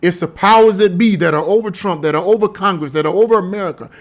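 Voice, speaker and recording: High-voiced, scoffing male commentator. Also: fast. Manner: emphatic, scoffing, full of rhetorical questions. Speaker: political commentator. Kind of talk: casual opinion vlog.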